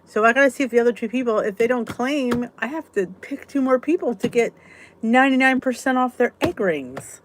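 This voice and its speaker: A chatty woman hosts a live support stream, her voice bouncing up and down as she reads comments and vents. She sits a little high in pitch and talks casually with quick exclamations. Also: lively intonation, a little hiss or hum. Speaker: host of a live weight-loss support chat.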